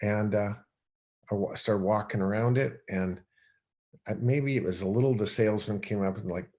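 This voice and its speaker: Rambling, animated male storyteller. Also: lowish voice, normal speed. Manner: animated, acts out his own past thoughts aloud; loose and rambling, heavy on fillers. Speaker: podcast guest. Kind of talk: conversational storytelling.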